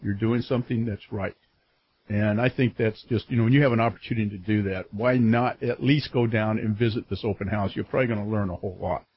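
A male radio talk show host with a husky voice, speaking in a friendly, chatty way full of fillers. The broadcast sound is slightly dull. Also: fairly low pitch, fairly even intonation, fast talker, no echo. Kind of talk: casual radio interview. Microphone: studio microphone.

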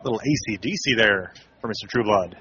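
Relaxed male radio baseball announcer. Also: lowish voice, fairly quick, slight background noise. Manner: relaxed, conversational calling with asides. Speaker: play-by-play announcer. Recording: slightly muffled radio broadcast.

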